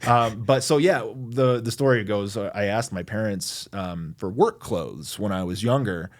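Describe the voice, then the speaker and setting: A man's voice: fairly low pitch, a little slow. A man in his forties from Michigan, a lawyer chatting as an interview guest in a loose, self-deprecating way with plenty of fillers. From Michigan, USA. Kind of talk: casual interview chat.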